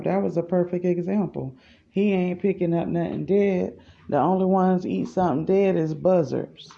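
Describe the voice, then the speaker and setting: Unhurried talker in their forties, gravelly, dark-toned, casual rambling podcast voice message. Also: mid-range voice. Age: 40s. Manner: slow, unhurried, thinking aloud. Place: at work. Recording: dull lo-fi voice message.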